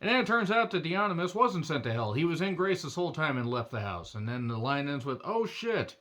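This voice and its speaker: A man's voice: a little high, expressive, fast, a bit bright. A man giving a casual, rambling movie review with wry asides and self-corrections, his throat a little strained. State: throat strained from doing a demon voice.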